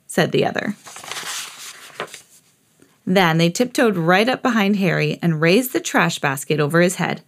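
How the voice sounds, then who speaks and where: A woman hosting a podcast, reading a children's picture book aloud in an expressive storytelling voice. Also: a little slow, long pauses. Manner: expressive, jumps high for quoted characters. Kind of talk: read-aloud storybook narration.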